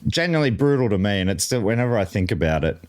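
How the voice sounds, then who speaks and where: A man's voice: fairly low pitch, big pitch swings, rapid-fire, a little mellow. A man, a guest comedian in casual chat, telling wry, self-mocking stories. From Melbourne, Australia.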